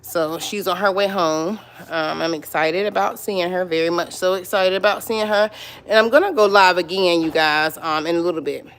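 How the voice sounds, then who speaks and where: A woman's voice: fairly low pitch, fairly even intonation, normal speed, a bit bright, slight background noise. A middle-aged woman hosting her own livestream, chatting casually with viewers, greeting them by name and repeating her points. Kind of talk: casual live-stream chat.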